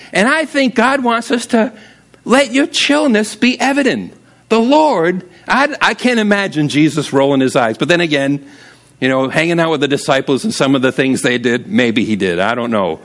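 A man preaching a sermon as pastor, casual and humorous, telling stories and often jumping up high for emphasis. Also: a bit bright.

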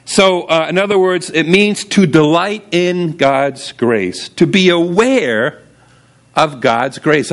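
Animated man preaching a sermon. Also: on the high side. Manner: animated, calls for amens, sudden shouts. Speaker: pastor. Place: church sanctuary.

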